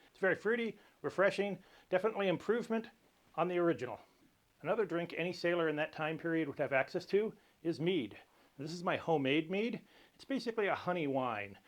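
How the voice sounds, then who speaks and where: A man's voice: high-pitched, lively intonation, fast talker. A man hosting a cocktail video, explaining drink history and recipes in a dry, lightly joking way. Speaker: cocktail show host. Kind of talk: casual cocktail tutorial.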